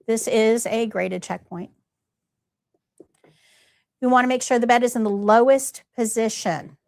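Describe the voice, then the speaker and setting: A woman's voice: fairly high pitch, fairly even intonation, measured pace, gravelly, darkish tone, no echo. Emphatic woman teaching a nursing class. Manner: emphatic, repeats key points, asks the class questions. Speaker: nursing instructor.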